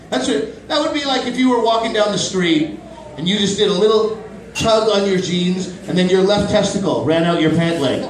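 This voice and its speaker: A man in his thirties doing a stand-up comedy set in a small club, animated and quick to jump into high-pitched voices for his bits. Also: slight background noise. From Pakistani family, grew up in Canada. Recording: roomy club from a distant mic.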